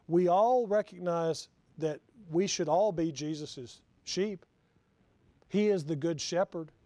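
A pastor delivers a sermon in a high, mellow voice, earnest and searching as he puts question after question to his listeners. The sound is close and dry, with little room around it. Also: dry recording. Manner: earnest, asks the congregation questions.

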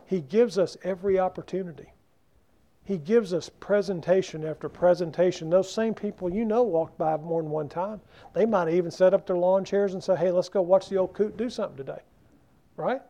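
A man's voice: sits high, brisk, dark tone. A male pastor preaching a sermon, talking conversationally and asking the congregation questions. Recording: dull lo-fi sound.

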